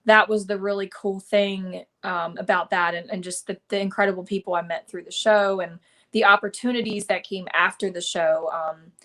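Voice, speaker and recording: In a medium-pitched, steady voice with a fairly bright tone and moderate pace, a country singer talks casually on a live-streamed video call from home in Nashville. She chats freely, often using fillers and starting over.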